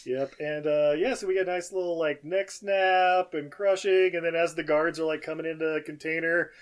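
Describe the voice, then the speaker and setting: A man with a slightly raised voice talks through a film's plot in a relaxed podcast chat. He laughs between beats and jumps into quick impressions of the characters. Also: fairly high pitch, clean tone. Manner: loose, laughing, acts out characters' lines. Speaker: podcast co-host. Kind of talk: casual film recap chat.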